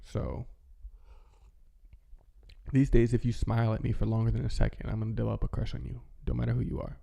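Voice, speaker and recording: Male vlogger, casual rambling chat, very gravelly, dark and mellow. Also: medium pitch, flat delivery. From American Midwest. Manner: rambling, halting, with many fillers and restarts. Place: home, with his dog nearby.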